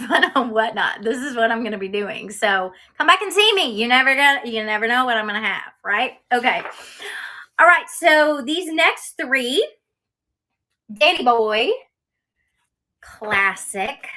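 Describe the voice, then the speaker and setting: A woman talks through her items in a casual live-selling stream. Her voice is bright and crisp and sits a touch high. She speaks slowly and chattily, with frequent fillers. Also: expressive. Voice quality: chatty and cheerful, many ums, laughs often. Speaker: online auction seller.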